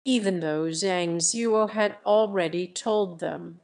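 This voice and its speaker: A woman reading a translated voice-over in a flat, even, measured way. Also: fairly low pitch, vocal fry.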